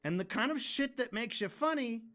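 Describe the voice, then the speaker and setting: A man's voice: very high-pitched, expressive, normal speed, bright, forceful tone. A man livestreaming while he draws, ranting casually and frankly, swearing and often restarting his sentences. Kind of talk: casual rant during a drawing stream.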